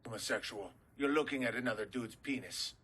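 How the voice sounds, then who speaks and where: A man's voice: medium pitch, brisk, a bit bright, breathy edge. A man playing a menacing male gang lord who speaks broken English sprinkled with Spanish words, in a comedy sketch. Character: stern male goat-milking gang lord.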